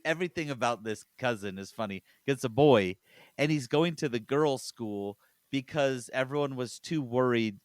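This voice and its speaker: A man's voice: mid-range voice, no room sound, studio quality. A man hosting a podcast in casual chat, chatty and laughing as he retells scenes. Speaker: podcast host.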